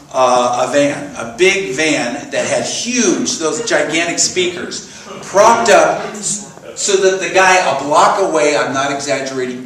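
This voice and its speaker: A man giving a sermon in a church, telling animated personal stories and leading the congregation in repeated affirmations. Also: a little high, slight background noise. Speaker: minister. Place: church sanctuary. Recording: echoey hall from far off.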